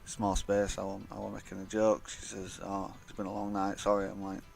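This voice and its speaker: A man's voice: fairly low pitch, monotone, brisk, creaky, a little mellow. A young man telling a rambling, blunt, sweary story in a casual vlog. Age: young adult. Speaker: vlogger.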